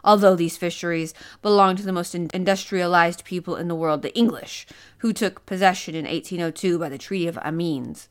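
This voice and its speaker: A woman reading the part of a calm, non-committal male sea captain in a measured, matter-of-fact way. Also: fairly low pitch, lightly acted.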